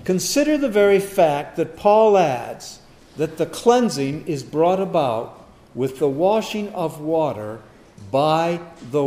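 A man preaching a sermon, firing rhetorical questions and swinging from loud emphasis to quiet asides. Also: fairly high pitch.

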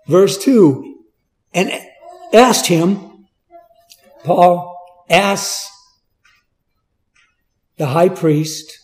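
A man's voice: high voice, a little mellow. A man preaching a Bible teaching in a conversational way, asking the listeners questions and stressing key words.

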